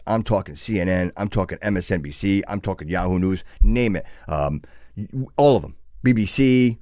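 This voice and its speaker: A male host in full sermon-like flow, exhorting his listeners with fervent conviction. His pitch swings widely from low to high as he drives each point home, stumbling through restarts along the way. The sound is dry and close, with no room around it. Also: darkish tone, dry recording. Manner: preachy, builds to fervent exhortation with many restarts. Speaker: show host. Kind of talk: impassioned motivational monologue.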